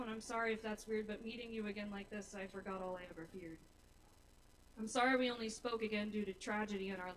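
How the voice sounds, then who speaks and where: A young woman performing her own rhyming spoken-word poetry at an open mic in a small bar, earnest and openly nervous. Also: medium pitch. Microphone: stage mic. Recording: live room mic, somewhat distant, faint noise.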